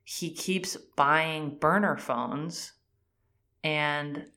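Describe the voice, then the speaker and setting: A woman's voice: sits low, extremely slow, pushed and bright. A woman in casual chat, animatedly retelling a TV series' plot and acting out the characters' lines with many "like"s. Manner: frequent fillers "like" and "um".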